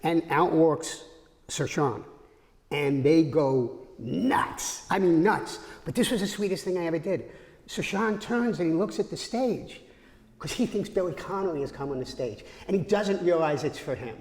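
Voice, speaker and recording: A man's voice: fairly high pitch, normal speed, darkish tone. An American man telling rambling anecdotes in a casual interview, stammering through restarts. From United States. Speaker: guest comedian. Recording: echoey hall.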